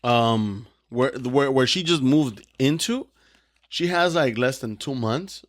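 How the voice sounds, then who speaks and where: A man's voice: mid-range voice, expressive, slow pace. A man co-hosting a casual comedy podcast, rambling through stories, cursing freely and laughing often. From Mexican-American. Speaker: podcast co-host.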